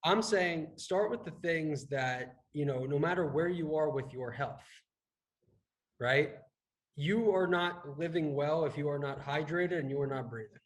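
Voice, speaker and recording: Speaking at a measured pace in a slightly high voice, a male fitness and health coach rambles through a casual business podcast chat. He restarts a lot and caps his points with "right?" The audio is poor.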